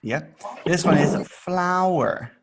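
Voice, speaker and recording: A man's voice: a little high, takes it slowly, a little hiss or hum. A man teaching a child English in an online lesson, patient and playful, repeating words for the child to echo and adding little sound effects. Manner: playful, adds sound effects while showing pictures.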